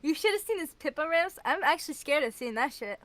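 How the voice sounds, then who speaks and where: Woman streamer, high and lively voice, mocking, swearing a lot, dry close sound. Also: fairly quick, no room sound. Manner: foul-mouthed, mocking. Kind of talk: casual stream banter.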